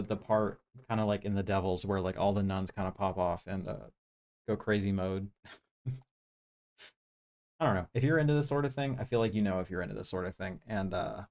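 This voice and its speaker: A man's voice: on the low side, a little mellow. A man hosting a live stream, casually reviewing movies in a rambling, laid-back way full of fillers. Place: home room with projector.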